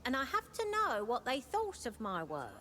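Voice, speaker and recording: A woman's voice: sits high, huge pitch swings, moderate pace, fairly bright tone, slight background noise, heavily acted. An actress playing an earnest craftswoman in a video game asking a favor, with game music behind.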